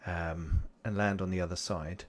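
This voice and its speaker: A man narrating as game master of a tabletop role-playing game, pausing often with ums. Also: low voice, steady tone. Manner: hesitant, full of ums and restarts.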